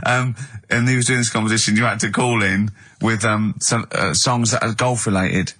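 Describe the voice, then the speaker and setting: A man hosting a radio show, chatting casually and breaking into shrieking high laughter. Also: fairly even intonation, normal speed, a bit bright. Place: radio studio.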